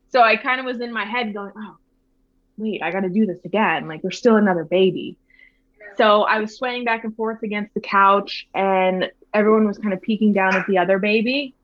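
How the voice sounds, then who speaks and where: Speaking softly and reflectively, a mother in her thirties describes her birth experience, often hesitating, restarting and leaning on fillers. She has a mid-range pitch. The audio is dry, close-miked and somewhat dull and muffled, with no echo.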